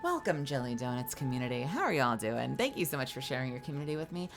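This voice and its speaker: A sleepy woman streamer with a low voice chats with her viewers. Her pitch swings widely as she jokes and greets people playfully. Faint game music plays in the background. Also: sing-song, fast. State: sleepy, yawning. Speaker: streamer and voice actor. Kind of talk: casual live-stream chat.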